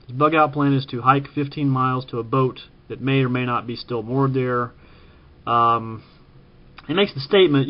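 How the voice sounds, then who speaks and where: Halting casual man from Kansas, lo-fi. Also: mid-range voice. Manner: halting, frequent ums and uhs, self-correcting. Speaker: vlogger ranking TV preppers. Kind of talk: casual spoken commentary.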